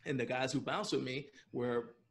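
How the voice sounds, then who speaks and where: A man's voice: medium pitch, fairly even intonation, normal speed, gravelly. A man being interviewed on a podcast, telling a story in a loose, rambling way and laughing often as he goes. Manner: loose, rambling with frequent restarts and fillers. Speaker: podcast guest.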